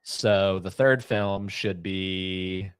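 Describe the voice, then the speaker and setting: A man hosting a podcast interview over a video call, easygoing and quick to laugh, with short replies between questions. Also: deep voice, steady tone, clear, resonant tone, no room sound, clean studio sound. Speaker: podcast host. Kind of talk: casual interview chat.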